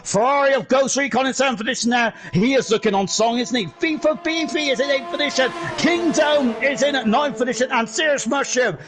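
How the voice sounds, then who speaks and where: A man commentating a sim racing league live, excitable and chatty, shouting at the big moments. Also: very high-pitched, brisk, hardly any pauses. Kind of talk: live esports race commentary.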